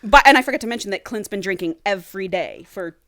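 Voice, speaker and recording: A woman's voice: mid-range voice, quick pace, crowd noise. A woman co-hosting a casual podcast, retelling a novel dramatically and acting out the characters' lines with frequent laughs. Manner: dramatic, acts out character quotes, laughs often. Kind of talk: casual chat, animated story retelling.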